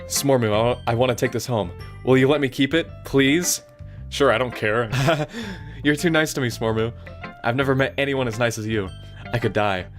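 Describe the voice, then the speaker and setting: A man's voice: medium pitch, moderate pace, faint music behind, natural voice. A man voicing a shy, obsessive teenage girl, reading her lines in a breathless, fawning way.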